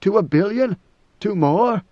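A devoted young woman speaks faintly and hesitantly, with fear under her words, as a male reader puts her on. The voice is raised in pitch and has a dull, lo-fi sound. The recording is dry. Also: animated, a little slow, warm tone, no room sound. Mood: fearful. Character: young woman, devoted, fearful, softly spoken.

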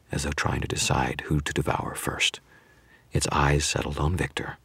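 A man narrates a first-person story with an extremely deep, husky voice. His delivery is measured and dramatic. The sound is dry and close, with no room around it. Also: flat delivery, no echo. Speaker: audiobook narrator.

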